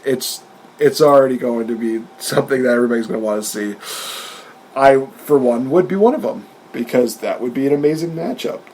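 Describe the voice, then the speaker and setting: A man's voice: medium pitch, brisk, darkish tone, slight background noise. A man co-hosting a podcast in casual chat, retelling events animatedly and often laughing. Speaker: podcast co-host.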